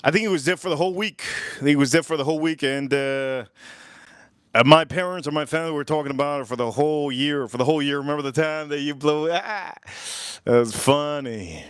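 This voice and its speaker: With a fairly high, smooth voice delivered at a quick pace and no room sound, this man hosts a relaxed live stream on cooking and whiskey. He wanders off topic, repeats himself, and laughs at his own stories while filming point of view in a home kitchen or backyard.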